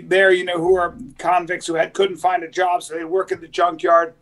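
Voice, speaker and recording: Male podcast host, high-pitched, rambling anecdotal delivery, slips into other voices. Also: little pitch movement, moderate pace, fairly bright tone. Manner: rambling storyteller, acts out quoted voices. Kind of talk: casual chat.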